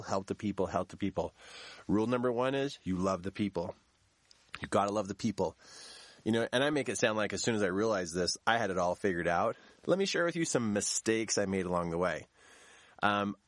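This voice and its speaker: A man's voice: lowish voice, no room sound. A man who works as a business coach gives a motivational talk, driving his points home by repeating key phrases.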